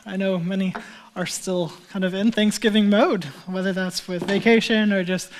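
A man's voice: high-pitched, fairly even intonation, normal speed. A male pastor in his thirties telling a personal story from the pulpit in a casual, chatty way, with many fillers. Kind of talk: sermon storytelling.

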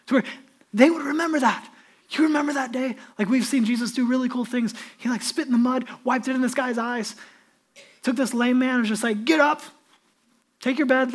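Man, pastor, sermon, earnest, conversational, asks direct questions. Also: extremely high pitch.

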